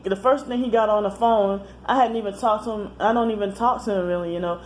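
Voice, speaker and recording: Rambling woman, halting and self-correcting. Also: medium pitch, steady tone. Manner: rambling, halting, often corrects herself mid-sentence. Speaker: vlogger. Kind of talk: casual personal monologue.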